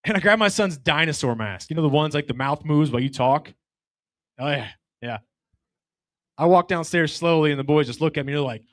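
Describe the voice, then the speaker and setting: Middle-aged male stand-up, brash and profane, acts out voices, slightly high pitch, dry close sound. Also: a little fast, dry recording. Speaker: stand-up comedian. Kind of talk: stand-up comedy set.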